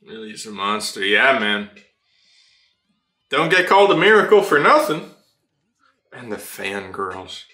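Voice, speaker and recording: Excitable man reacting, bright and lively. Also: fairly low pitch, a little slow, long pauses. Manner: excitable, laughs often, swears freely. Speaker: anime reaction channel host. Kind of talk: casual reaction commentary. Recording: roomy echo.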